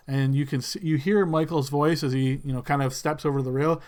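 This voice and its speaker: A man's voice: a little high, steady tone, a little fast, few pauses. A man narrating a tabletop role-playing game as game master, in loose, descriptive storytelling.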